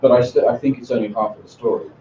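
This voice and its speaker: A man leads a seminar, chatty and full of restarts as he tells classroom stories. His voice is mellow and dark. He sounds distant in a roomy space, dull and lo-fi with a faint hiss. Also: mid-range voice, racing. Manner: chatty storytelling, many restarts. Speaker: English teacher presenting a seminar. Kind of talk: conference seminar talk.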